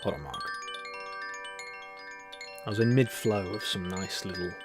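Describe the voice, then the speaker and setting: A man hosting a live stream, reading out viewer comments in a friendly, chatty way and calling people "buddy". He moves between a soft, near-whispered voice and louder talk, and laughs often. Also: low-pitched, expressive, unhurried, over music. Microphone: headset mic with headphones.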